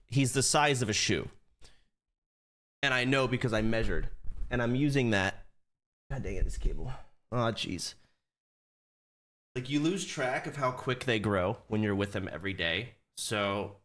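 A man streaming from his desk, talking casually and swearing now and then, slipping into high baby talk with a puppy. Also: fairly bright tone. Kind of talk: casual live-stream chat.

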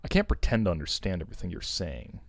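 Low-voiced man reading aloud with friends. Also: very animated, quick pace, gravelly, no room sound. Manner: joking, laughs between lines. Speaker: fan dub reader voicing Knuckles and narration. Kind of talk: casual group reading of a fan fiction.

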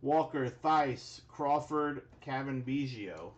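A man's voice: mid-range voice, slow pace, lo-fi sound. Man calling out cards during a break. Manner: rattles off player names, bursts into excited exclamations. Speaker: card break host. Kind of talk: live card-pack opening commentary.

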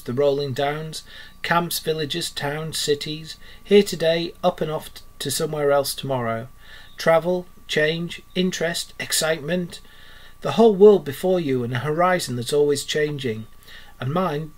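A man voicing a boastful, excitable male toad gentleman in a grand, pompous manner, read aloud from a storybook. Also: a little high, close to an everyday voice.

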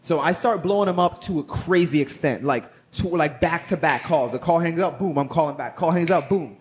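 Guy telling a long story on a podcast, kinda high voice, swears a lot, acts out the quotes, little hiss behind. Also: a little fast. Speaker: barbershop co-owner and podcast guest. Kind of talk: casual storytelling chat.

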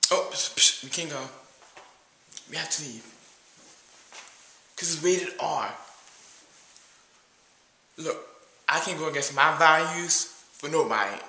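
A man's voice: on the high side, slow, pauses often, pushed and bright, reverberant, exaggerated voice. A man playing a cheap, nervous date who brags about himself and keeps calling himself "your boy", in a comedy skit.

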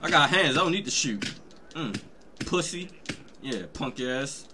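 A man's voice: fairly high pitch, expressive, measured pace, noisy background. A young man casually commenting on a game stream, joking and swearing loosely.

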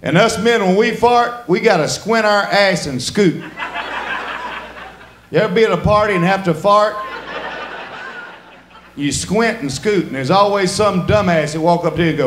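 A high-voiced man works a comedy club stage, spinning crude stories in a drawl and acting out every character. The room is echoey around his mic. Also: moderate pace, noisy background. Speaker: stand-up comedian. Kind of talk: stand-up comedy set. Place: comedy club stage before a laughing audience.

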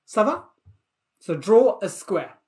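A man teaching a live online maths lesson for children, energetic and playful, often repeating himself. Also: high-pitched, takes it slowly.

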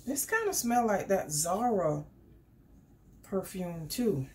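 Chatty, excitable woman unboxing at home. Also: medium pitch, takes it slowly, pauses often, slight background noise. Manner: chatty and excitable, talks straight to viewers. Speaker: beauty vlogger. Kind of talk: casual unboxing vlog. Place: home indoors.

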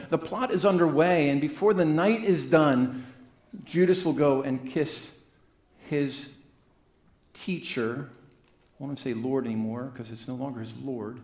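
A man's voice: a little high, a little mellow. A man preaching a sermon as pastor, reading scripture in an earnest way and restarting phrases as he goes. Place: church sanctuary. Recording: echoey church room.

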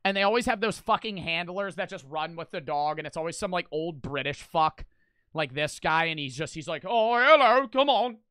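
A man hosting a reaction video, talking casually in a loud, blunt, profane way and laughing often. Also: fairly high pitch, a little fast, no room sound.

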